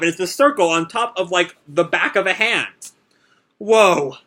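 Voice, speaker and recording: A man's voice: high-pitched, bright, forceful tone. A young man hosting a live manga reaction, reading and commenting in a casual, rambling way. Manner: casual, rambling, many fillers.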